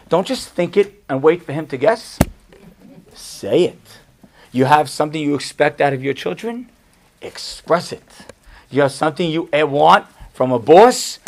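A middle-aged man, a rabbi, teaching a class to an audience in an emphatic style, driving home points with punchy repetition and joking asides. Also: fairly high pitch. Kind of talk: Torah class to a live audience.

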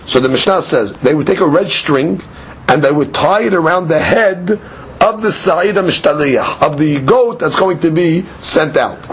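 A man's voice: a little high, animated, moderate pace, breathy edge, dull audio. A man giving a daily Talmud lecture, explaining each step by asking and answering his own questions. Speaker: Talmud teacher.

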